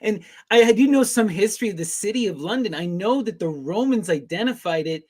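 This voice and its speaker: Excitable curious podcast host. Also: mid-range voice, fairly quick. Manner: excitable and curious, asks questions with fillers like "like". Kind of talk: casual interview chat.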